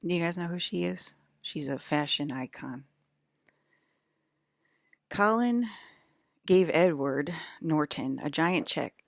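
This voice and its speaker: A woman's voice: low voice, moderate pace, vocal fry, dry recording, clean studio sound. A woman rambling to her viewers in a loose monologue, full of restarts and sudden topic drifts. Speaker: broadcaster.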